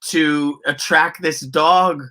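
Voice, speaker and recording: Canadian actor guest, bright voice, lively profane anecdotes in a chat interview. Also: male voice, a little high, takes it slowly. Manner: animated, profane, laughing storyteller. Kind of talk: casual interview storytelling.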